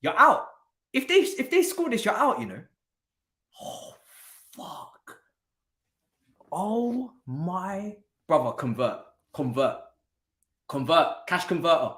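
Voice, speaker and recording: Hosting a football watchalong live, this man shifts between low mumbles and loud bursts of excitement, echoing his own street-slang phrases. He talks slowly and stops often.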